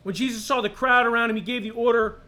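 A man's voice: very high voice, fairly even intonation, fast, bright, forceful tone. A male pastor preaching a sermon in a casual way, with joking, sarcastic asides.

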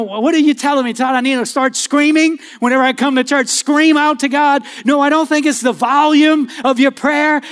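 Fervent high-voiced male pastor. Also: a bit bright. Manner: fervent, repetitive pleading prayer. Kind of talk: sermon with altar call prayer. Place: church sanctuary. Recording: music playing under the voice. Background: music.

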